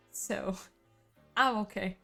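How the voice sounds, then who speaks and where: A livestreamer with an Italian accent, a native Italian speaker, chats casually with her viewers, laughing often and swearing freely. Her medium-pitched voice is gravelly with a sharp tone.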